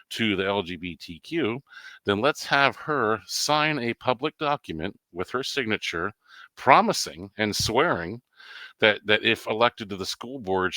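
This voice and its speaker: Brief: male commentator, emphatic and indignant, low-pitched, forceful tone. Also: no room sound, low-quality recording. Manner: indignant, emphatic, occasional dry laugh. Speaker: guest commentator. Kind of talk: impromptu political commentary.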